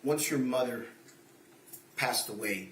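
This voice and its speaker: A man's voice: medium pitch, slow, fairly bright tone. A man acting as an attorney, questioning a witness in court with formal, leading yes-or-no questions. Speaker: defense attorney. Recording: echoey courtroom with faint noise.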